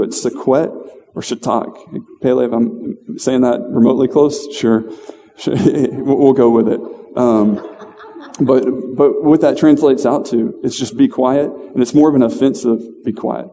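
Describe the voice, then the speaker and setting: A man giving an informal, conversational sermon in a church, halting with fillers and restarts. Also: mid-range voice, dark tone, in a large hall. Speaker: lay preacher. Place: church hall.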